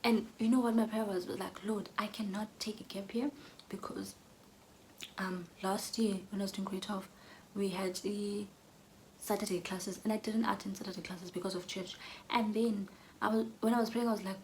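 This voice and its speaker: A young woman telling an earnest personal story, often dropping to a soft whisper. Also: medium pitch, steady tone, normal speed, slight background noise, rough recording. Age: young adult. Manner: earnest, drops to soft whispers when emotional.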